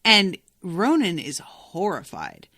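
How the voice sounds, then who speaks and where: Young adult woman, podcast host, low voice, lively swooping pitch, casual swearing, dry close sound. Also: slow pace, no echo. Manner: chatty, swears freely, animated storytelling. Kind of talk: casual book-discussion podcast.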